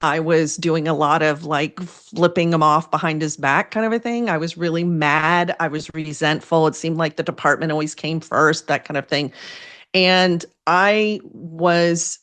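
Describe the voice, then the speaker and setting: A woman's voice: deep voice, a little slow, a bit bright. A middle-aged woman, a therapist and first responder spouse, speaking openly and emotionally in an interview, with self-deprecating humor. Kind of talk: candid interview conversation.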